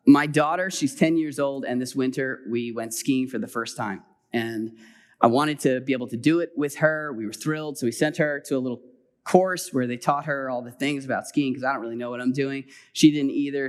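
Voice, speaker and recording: A middle-aged man preaching with a somewhat high voice for a man. He tells his story in lively bursts, rising to loud calls and dropping to quick, hushed asides. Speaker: pastor. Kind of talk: sermon.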